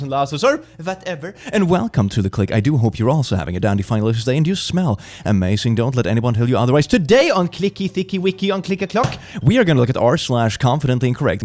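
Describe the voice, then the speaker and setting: A man's voice: mid-range voice, darkish tone. A man hosting a comedic reaction show, reading posts aloud and mocking them with playful sarcasm. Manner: playful, sarcastic, bursts into laughter. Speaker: host.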